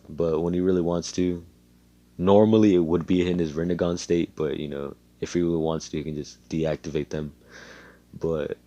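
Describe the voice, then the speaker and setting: Brief: young man, deep voice, casual profane rambling storyteller. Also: a little mellow. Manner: rambling, profane, full of fillers.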